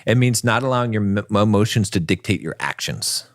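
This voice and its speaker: A man co-hosting a podcast lays out his ideas in a lecturing tone. His low voice swings widely in pitch. The sound is close and dry, with no room echo. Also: lively intonation, a little fast. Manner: lecturing, with theatrical voiced quotes. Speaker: podcast co-host. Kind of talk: casual podcast discussion.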